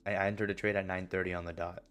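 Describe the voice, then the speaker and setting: Deep-voiced young man, blunt and profane. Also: little pitch movement, very fast, a bit bright, faint music behind. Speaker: trading streamer. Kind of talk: casual vlog monologue.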